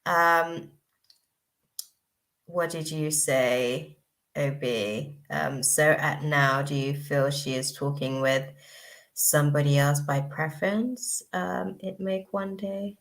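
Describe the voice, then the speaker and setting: A woman's voice: deep voice, takes it slowly, fairly bright tone. A woman giving a live tarot reading, hesitant and chatty, with many fillers as she searches for words. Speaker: tarot reader.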